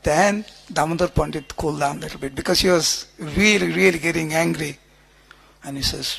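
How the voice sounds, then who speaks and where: A male preacher telling a devotional story dramatically, acting out the quoted characters and swinging from quiet to loud. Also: a little high, fast talker, creaky, soft background music.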